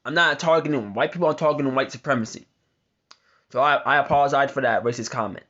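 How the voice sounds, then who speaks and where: A commentary vlogger with a mid-range, fast, slightly bright voice reacts to a news article, ranting with heavy profanity and stumbling as he reads aloud. The audio sounds dull.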